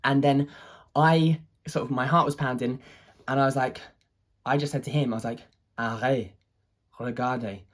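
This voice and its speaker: An artist telling a personal story in a casual, rambling way, full of fillers and restarts, with an excitable, wondering tone. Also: medium pitch, moderate pace, pauses often.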